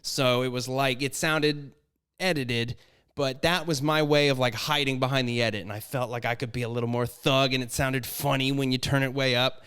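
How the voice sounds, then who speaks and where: Smooth-voiced young man, podcast co-host. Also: fairly even intonation, moderate pace, fairly bright tone. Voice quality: high tones that he can bring low. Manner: self-deprecating, rambling with restarts. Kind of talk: casual podcast chat. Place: apartment. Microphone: studio microphone with headphones.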